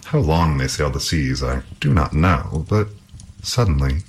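A man reading a fairy tale aloud in an expressive, measured storytelling manner. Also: rumbling low, slight background noise.

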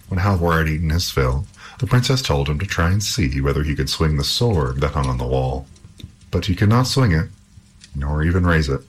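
Deep-voiced man reading a fairy tale. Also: lively intonation, normal speed, slight background noise. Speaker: storyteller.

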